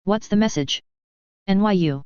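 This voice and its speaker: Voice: mid-range voice, moderate pace, a little mellow, smooth, dry recording, highs cut off, lightly acted. A narrator doing a guarded young heroine. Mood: wary. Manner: guarded, curt. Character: wary young woman hero.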